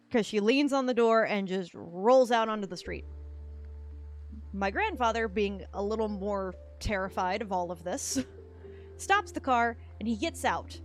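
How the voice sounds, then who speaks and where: A woman on a gameplay stream tells a family story in a loose, rambling way and laughs often. Her voice sits a bit high. Game music plays faintly behind her.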